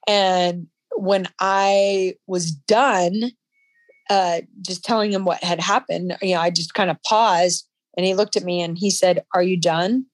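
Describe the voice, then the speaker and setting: A woman guest in an interview, telling a personal story in a halting, emotional way with frequent restarts. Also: on the low side, fairly even intonation, no room sound.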